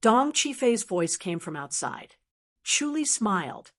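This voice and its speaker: Woman narrating an audiobook, fairly high voice. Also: big pitch swings, slow pace, fairly bright tone. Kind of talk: scripted narration.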